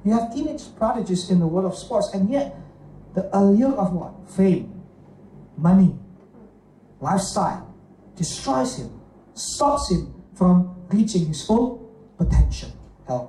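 A man's voice: sits high, animated, unhurried, pauses often, mellow, far from the mic, slight background noise. A man with an Indonesian accent preaching a sermon as pastor, often asking his listeners rhetorical questions and checking in with "right?". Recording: echoey room, voice from off-mic, faint ambience.

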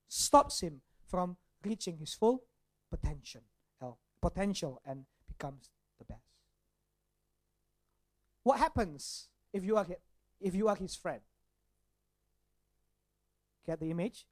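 A man's voice: sits high, dry recording. A man preaching a sermon as a pastor, with rhetorical questions and frequent restarts.

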